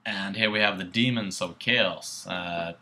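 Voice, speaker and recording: A man's voice: deep voice, unhurried, bright, forceful tone. A young Swedish man with a Swedish accent, casually co-hosting a tabletop battle report, laid-back and swearing offhandedly. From Sweden. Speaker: co-host.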